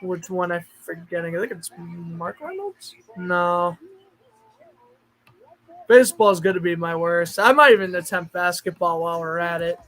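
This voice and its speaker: A male streamer with a notably high voice talks casually to his chat. He thinks out loud as he goes and now and then breaks into excited outbursts. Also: moderate pace, a little hiss or hum, poor audio. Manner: chatty, thinks aloud, bursts of excitement. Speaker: streamer host.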